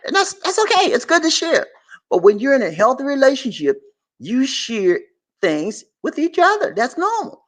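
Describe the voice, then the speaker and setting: A man giving relationship advice on a live stream, preachy and animated, speaking straight to his viewers and acting out quotes. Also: on the high side. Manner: acts out quoted voices in his talk.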